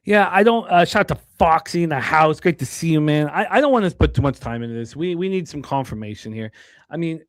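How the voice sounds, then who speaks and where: A man hosting a sports betting show, talking casually in a rambling, excitable way with many fillers and restarts. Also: mid-range voice, dry recording, studio quality.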